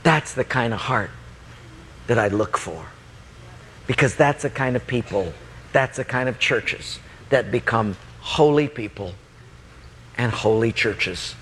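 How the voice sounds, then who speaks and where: A man giving voice to God, low and solemn. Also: lively intonation, a little slow, long pauses, a bit bright, slight background noise. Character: God speaking to a man, calm and grave. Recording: long reverb, faint ambience.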